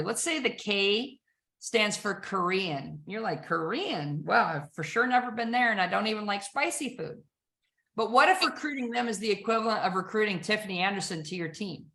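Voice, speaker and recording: Bright, emphatic woman sales trainer. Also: mid-range voice. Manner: emphatic, rhetorical questions to the audience. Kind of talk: energetic sales presentation. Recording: echoey room.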